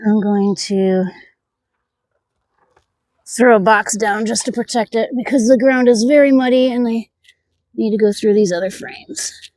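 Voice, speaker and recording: A woman with a slightly high voice talks her way through a beehive inspection outdoors. She chats casually and mutters asides half to herself. She also speaks to the bees directly. Her voice sounds dry and close, with little room around it. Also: steady tone, a little slow, pauses often, darkish tone, dry recording. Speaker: beekeeper. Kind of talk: casual narration of a hive inspection.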